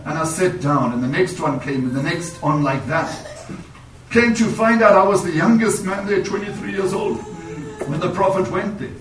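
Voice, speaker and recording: A man's voice: high voice, normal speed, a bit bright, a little hiss or hum. A man preaching in a church, telling a personal story in a sermon and returning to "you know" as he goes. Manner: storytelling, repeats "you know", rises in emphasis. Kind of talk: sermon testimony. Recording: echoey, distant church mic.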